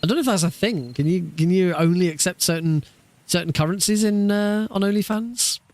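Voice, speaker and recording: A man's voice: high-pitched, brisk, a little mellow. A man streaming a speedrun practice, chatting casually with viewers, laughing often and swearing freely. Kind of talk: casual live-stream chat.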